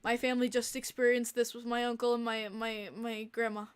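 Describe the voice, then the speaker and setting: A woman hosts a casual livestream podcast in a somewhat high voice. She talks with open emotion and rambles, with frequent fillers and restarts as she chats to her viewers. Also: level tone, fairly quick, smooth. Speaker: podcast host and streamer.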